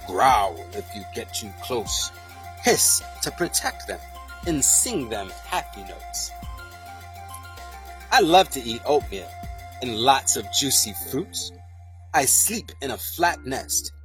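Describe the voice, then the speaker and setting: Children's book read-aloud, very slow, bouncy lively pitch, faint music behind. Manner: slow, sing-song reading. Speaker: storybook reader.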